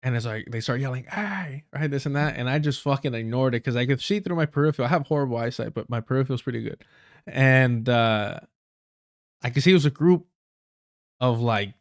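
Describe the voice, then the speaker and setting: Expressive and brisk, a medium-pitched man rants through casual livestream commentary he hosts. His storytelling is profane, blunt and slangy, with repeated phrases for emphasis and mid-sentence self-corrections, captured in studio quality with no echo.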